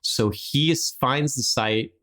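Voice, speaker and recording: A man's voice: mid-range voice, slow, bright, forceful tone. A man hosting a podcast, telling a history story in a rambling, casual way with frequent restarts and laughs.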